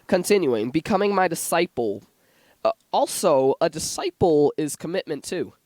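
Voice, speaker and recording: A man's voice: fairly high pitch, big pitch swings, moderate pace, a little mellow, no room sound. A young man giving an informal Bible teaching in a church, chatty and given to asides and self-corrections. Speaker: lay preacher. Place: church sanctuary.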